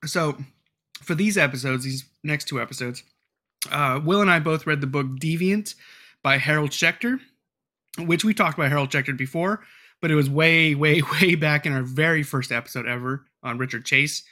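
A man's voice: a little high, moderate pace, sharp tone. A man hosting a casual podcast, telling a story in a rambling way with lots of fillers and swearing. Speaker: podcast host.

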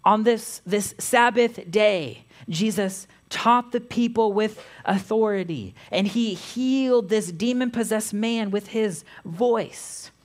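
A woman pastor giving a sermon, reading scripture aloud in a measured way. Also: medium pitch.

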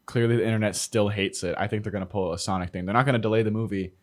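A young man co-hosting a podcast, throwing in dry deadpan quips. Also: lowish voice, very fast. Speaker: podcast co-host. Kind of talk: casual podcast chat.

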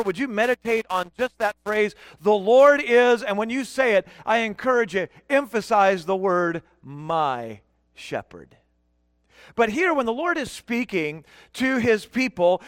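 A middle-aged man preaching a sermon as guest pastor, emphatic, slowing down to stress key words and questioning the congregation. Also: very high voice, fairly bright tone, dry recording, studio quality, in a large hall. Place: church sanctuary.

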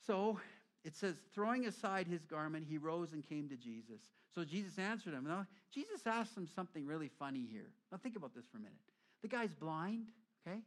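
A middle-aged man preaching a sermon as a pastor, telling stories lively and acting out quoted voices. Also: sits high, normal speed.

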